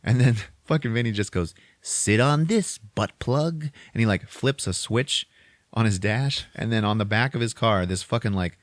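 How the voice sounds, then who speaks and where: A man in his forties hosting a podcast, retelling a film in a loose, swearing, rambling way. His voice sits low. The sound is dry and close. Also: moderate pace, no echo. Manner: profane and rambling, lots of filler. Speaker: podcast host. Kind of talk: casual movie recap chat.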